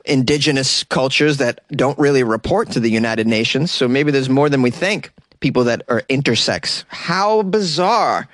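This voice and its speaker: A man's voice: medium pitch, no echo, clean studio sound. A man hosting a casual comedic news commentary show, reading stories and cracking wry jokes, laughing at his own asides and stumbling over foreign names.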